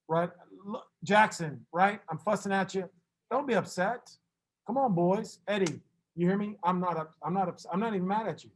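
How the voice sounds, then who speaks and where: High-pitched guy teaching math, quick and teasing, fusses at the kids then says don't be upset. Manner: brisk, teasing, fusses at students then reassures. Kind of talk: classroom teaching.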